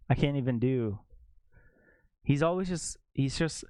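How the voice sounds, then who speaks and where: An animated male streamer in casual live chat, his voice leaping around in pitch as he rants. The sound is close and dry, with no room echo. He swings from low grumbles to sudden high exclaims. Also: slow, long pauses, smooth. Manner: animated ranting, jumps to high exclaims and laughs.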